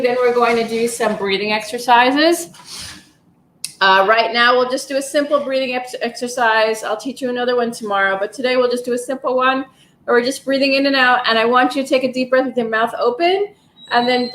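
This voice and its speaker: A woman leading a live session of stretching, breathing and affirmations, talking in a gentle, encouraging and soothing way. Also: fairly high pitch, echoey room, slight background noise. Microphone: livestream, device mic.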